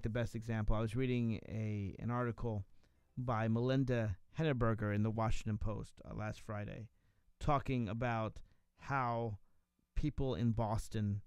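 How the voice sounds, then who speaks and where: A man hosting a radio talk show, musing out loud in a rambling way with many fillers and restarts, speaking into a studio microphone. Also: mid-range voice, smooth, no room sound. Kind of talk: solo radio talk monologue.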